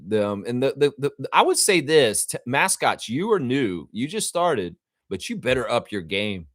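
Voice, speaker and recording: A man's voice: medium pitch, dry recording, studio quality. A man hosting a live fan reaction stream, talking casually and animatedly and acting out quotes, with the odd swear word. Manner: animated, chatty, acts out quotes. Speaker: fan channel host.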